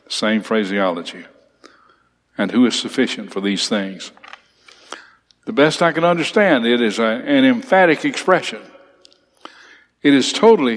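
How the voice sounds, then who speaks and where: Man teaching scripture in a reverberant hall. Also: mid-range voice. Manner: emphatic, reads scripture aloud then explains it. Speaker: Bible teacher. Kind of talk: expository Bible class lecture. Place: church classroom with slides.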